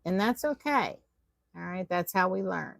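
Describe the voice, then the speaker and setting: A woman leads a live online tatting lesson, chatting with her viewers and poking fun at her own slips as she works. Her voice is low and heavily gravelly. It is recorded close and dry, with no room sound. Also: lively intonation, unhurried, a bit bright, no room sound. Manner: chatty, self-deprecating, talks to viewers while working. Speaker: tatting teacher. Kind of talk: live online craft class.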